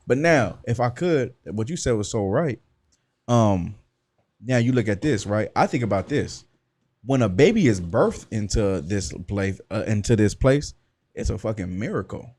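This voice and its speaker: A man hosting a casual religious discussion on a radio show, lively, acting out quoted voices and cursing freely. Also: lowish voice, normal speed, slightly rough. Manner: animated, acts out quoted voices, swears.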